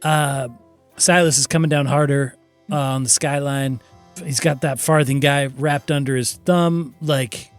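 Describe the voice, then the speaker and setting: A man's voice: mid-range voice, fairly even intonation, unhurried, faint music behind. A man narrating as game master of a tabletop game, slipping into character voices for short asides.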